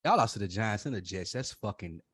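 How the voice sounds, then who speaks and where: A man co-hosting a podcast, teasing his partner in animated, profane casual banter. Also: on the low side, fairly quick, breathy edge, no echo, clean studio sound. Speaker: podcast co-host.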